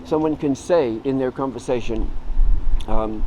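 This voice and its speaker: A middle-aged man teaching a writing tutorial in a relaxed, informal way, explaining word origins and acting out short lines of example dialogue. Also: medium pitch, unhurried, background noise.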